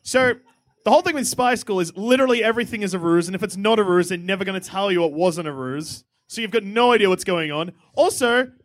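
A man co-hosting a live comedy podcast, animated and jokey, laughing often. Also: sits high, fast talker. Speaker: podcast co-host.

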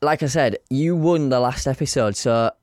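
A man's voice: mid-range voice, moderate pace, darkish tone, no room sound, studio quality. A man with a Northern English accent co-hosting a podcast in casual chat, playful and teasing, laughing a lot. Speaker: podcast co-host.

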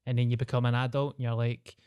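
A man's voice: medium pitch, little pitch movement, fast, clear, resonant tone, no echo, highs cut off. A young Scottish man, a comedian, chatting on a podcast and telling stories in broad dialect with plenty of swearing. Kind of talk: casual chat.

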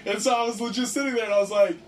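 A young man tells a story to his friends in a loose, excited, profane way, leaning on "like" constantly. His voice sits a little high for a man. He is picked up from a distance, with a faint hiss underneath. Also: racing. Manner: excited, profane, heavy use of "like". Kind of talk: casual storytelling among friends. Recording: distant mic with faint background noise.

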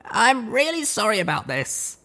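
A man's voice: high voice, sing-song, moderate pace, gravelly, sharp tone, pitched above the performer's own voice, full character voice. A man reading an audiobook, voicing a tough young female pony heroine who speaks in a level, wry way. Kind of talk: audiobook character voice.

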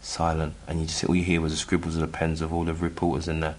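A middle-aged man from England telling a personal story in casual chat, halting with many restarts and acting out the voices he quotes. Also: extremely low pitch, completely flat delivery, a little hiss or hum. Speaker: guest telling his story.

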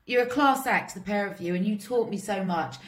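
A woman hosting an interview, thanking her guests warmly and chatting. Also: medium pitch, fairly quick, roomy sound. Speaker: host. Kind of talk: interview chat.

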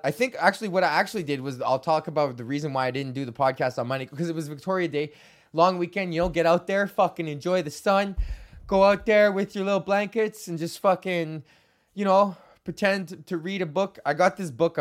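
Young canadian guy rambling on his podcast, a bit high-pitched, stoned, swears and laughs a lot. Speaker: podcast host. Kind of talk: casual rambling monologue.

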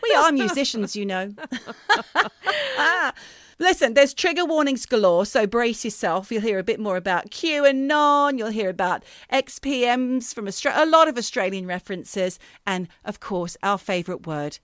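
A woman's voice: on the high side, expressive, normal speed, few pauses, a bit bright, dry recording, clean studio sound. Chatty woman podcast co-host. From United Kingdom. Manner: chatty, laughing asides. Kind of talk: casual chat.

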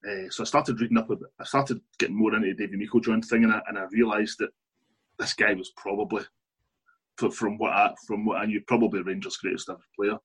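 A man's voice: fairly low pitch, level tone, quick pace, fairly bright tone, breathy edge, poor audio. A Scottish man, an author being interviewed, telling long anecdotes in a chatty way, laughing often and restarting his sentences. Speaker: author and guest. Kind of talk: casual interview storytelling.

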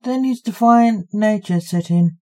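A woman narrating a short story aloud in a calm, even manner. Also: mid-range voice, measured pace, rough recording.

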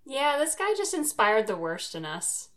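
A woman's voice: on the high side, very animated, moderate pace. A woman co-hosting a podcast in casual chat, with frequent laughter and short, dry quips. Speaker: podcast co-host.

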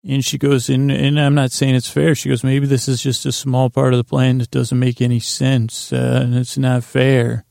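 A man's voice: mid-range voice, level tone, moderate pace, creaky, hardly any pauses, a little mellow, no room sound, studio quality. A man hosting a bedtime podcast, giving a meandering, loose retelling of a TV episode with lots of fillers. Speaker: podcast host. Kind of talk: rambling bedtime episode recap.

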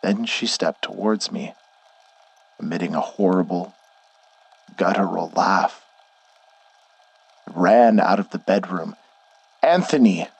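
Deep male voice, gravelly, husky, measured horror storytelling, dry close sound. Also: no room sound. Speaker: narrator. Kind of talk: scripted horror narration.

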